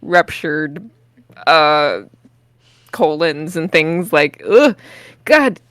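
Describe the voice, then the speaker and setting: A woman's voice: low voice, very slow, no echo, studio quality. A woman with a Texan accent co-hosting a podcast in casual chat, giggling often. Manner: giggly, animated storytelling. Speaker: podcast co-host. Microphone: podcast microphone.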